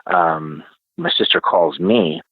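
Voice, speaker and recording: Guest man, deep voice, halting storyteller, heard over a dry, tinny phone-like line. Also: slightly rough, no room sound. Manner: halting, many fillers and restarts. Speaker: podcast guest. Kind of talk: casual storytelling.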